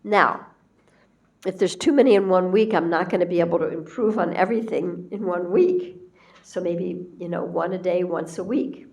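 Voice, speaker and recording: Speaking at a normal pace in a lowish voice, a woman who teaches spirituality offers a soft, conversational devotional talk. She performs the quoted lines as she goes.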